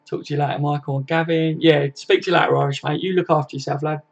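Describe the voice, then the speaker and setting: A young man chats loosely on a home live stream, swearing and calling everyone "mate". His voice sits a bit high and stays fairly flat in pitch. The audio is dull and lo-fi. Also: fast talker, vocal fry. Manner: chatty, laddish, swears freely, says "mate" a lot. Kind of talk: casual live stream chat reading viewer comments.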